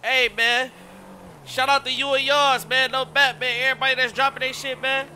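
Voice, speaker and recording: High, bright-voiced excitable male streamer. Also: moderate pace, slight background noise. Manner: excitable, slangy, shouts out viewers. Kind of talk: casual live-stream chat.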